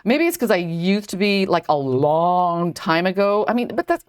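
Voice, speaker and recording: A woman's voice: on the low side, animated, moderate pace, clean tone. Rambling woman chatting on a live stream. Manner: rambling, heavy use of "like". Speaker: jewelry designer live-streaming. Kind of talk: casual live-stream chat while crafting.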